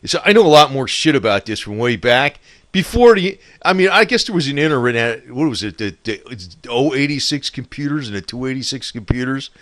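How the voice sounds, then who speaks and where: A man's voice: medium pitch, expressive, brisk, fairly bright tone, dry recording, clean studio sound. A man in a rambling, profane casual monologue, laughing often and talking with loose scorn. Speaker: political commentator.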